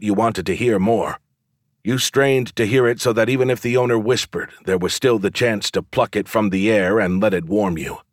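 Low-voiced man narrating an audiobook. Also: husky, dry recording, clean studio sound. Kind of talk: first-person fantasy audiobook narration.

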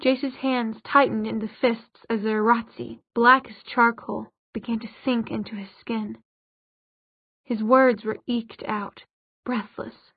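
Female audiobook narrator, slightly high and husky, close dry mic, dull lo-fi audio. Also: steady tone, measured pace, no echo.

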